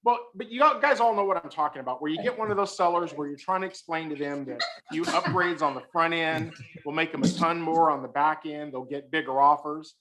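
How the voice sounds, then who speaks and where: A man's voice: fairly high pitch, a little fast, few pauses, crowd noise. A man giving a humorous talk on a video call, teasing his listeners and telling a story with punchlines. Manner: joking, storytelling, teasing the audience. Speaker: guest speaker.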